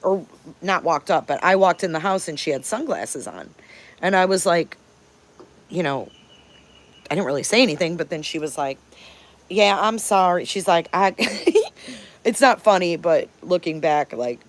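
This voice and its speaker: A Detroit, Michigan host in her fifties tells stories during a live stream, speaking frankly, forcefully, and with plenty of swearing. Her voice sits on the low side, expressive and unhurried, with long pauses.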